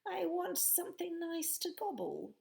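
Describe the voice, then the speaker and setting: A woman voicing a hungry, greedy dragon in a storybook, in a booming tone. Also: sing-song, measured pace, creaky, warm tone, heavily acted.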